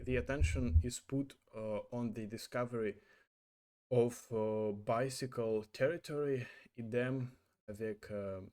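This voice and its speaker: Halting man translating French aloud. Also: on the low side, a little mellow. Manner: halting, hesitant, many fillers and self-corrections. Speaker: language learner vlogger.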